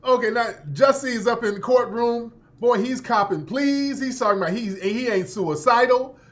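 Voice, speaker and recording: A man's voice: extremely high pitch, normal speed. A man hosting a radio show, delivering a sarcastic, mocking commentary monologue with frequent laughs and repeated interjections.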